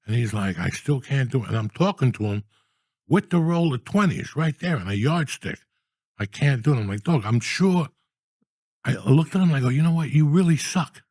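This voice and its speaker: A man in his sixties telling profane, animated stories in a casual comedic chat, often ranting in mock outrage. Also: mid-range voice, moderate pace, breathy edge, no room sound, studio quality. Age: 60s. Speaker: podcast guest storyteller.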